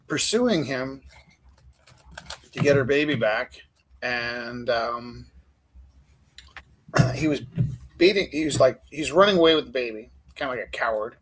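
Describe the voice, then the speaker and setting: A man's voice: medium pitch, slow pace, pauses often, fairly bright tone, slight background noise, rough recording. A man hosting a live art stream, chatting casually and telling rambling stories full of fillers while he draws. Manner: rambling storyteller, many fillers. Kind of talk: casual chat while drawing.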